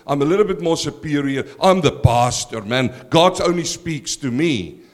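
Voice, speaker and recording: A man's voice: a little high, lively intonation, normal speed, voice pushed down, lightly acted. A man voicing a boastful, self-important male church elder who brags that God speaks only to him. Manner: bragging, lordly.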